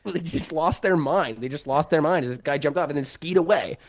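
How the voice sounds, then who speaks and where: A man's voice: fairly high pitch, a little fast. Rambling man telling a story. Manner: rambling, heavy use of "like", many restarts. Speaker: podcast guest. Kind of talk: casual storytelling.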